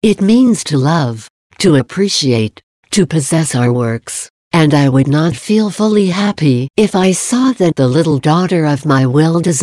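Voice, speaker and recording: Low dark-toned Jesus, tender and earnest, as a woman reads him aloud. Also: no room sound, studio quality. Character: Jesus, gentle loving male divine speaker. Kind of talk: devotional reading.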